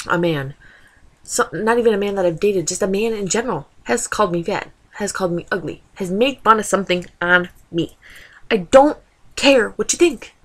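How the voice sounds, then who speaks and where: A woman in her twenties ranting in a casual vlog, exasperated and full of rhetorical questions. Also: mid-range voice. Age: 20s. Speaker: vlogger.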